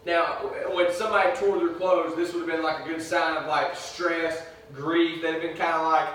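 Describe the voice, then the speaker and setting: A man's voice: fairly high pitch, quick pace, hardly any pauses, a bit bright, a little hiss or hum. A male pastor, preaching a conversational sermon in a rambling, folksy way. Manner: casual, rambling storytelling with folksy asides. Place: church sanctuary. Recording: echoey church from far off.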